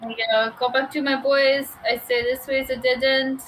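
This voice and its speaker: A woman playing a tabletop game, speaking in a relaxed, blunt way. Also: high voice, normal speed, soft background music, rough recording. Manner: relaxed, blunt, some swearing. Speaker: player. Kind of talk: casual tabletop play.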